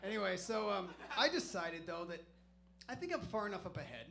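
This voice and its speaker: A man's voice: high-pitched, big pitch swings, fairly quick, vocal fry, a bit bright. A man doing stand-up comedy, telling a story in a loose, profane, self-mocking way on a comedy club stage.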